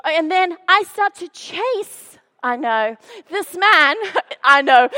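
A woman preaching through a personal story, animated and self-deprecating, acting out the scenes she describes. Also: extremely high pitch. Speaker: speaker sharing faith stories. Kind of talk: storytelling sermon.

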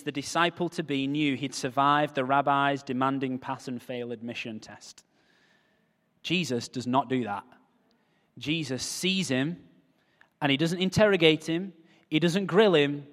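A man preaching a lively sermon to a crowd, moving between quiet asides and loud, emphatic calls. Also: fairly high pitch, a little slow. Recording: hall reverb.

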